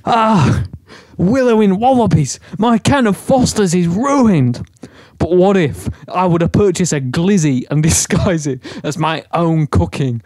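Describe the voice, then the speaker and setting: Man voicing a high, nervous Aussie principal, stammering excuses, dry close mic. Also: lively intonation, a little slow, a little mellow, no echo. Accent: put-on Australian. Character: flustered middle-aged male school principal. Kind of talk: fan parody voice acting.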